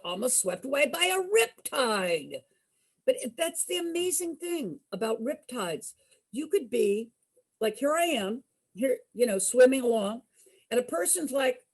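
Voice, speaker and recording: Husky, lively storytelling woman. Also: mid-range voice. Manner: animated, acts out quoted voices. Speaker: entertainer. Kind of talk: storytelling to an audience.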